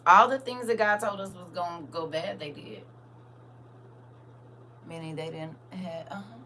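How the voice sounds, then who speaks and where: A woman's voice: on the low side, measured pace, a little hiss or hum. A woman, chatting casually to viewers on a livestream and talking straight to them. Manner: animated, talks straight to viewers. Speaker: livestream host.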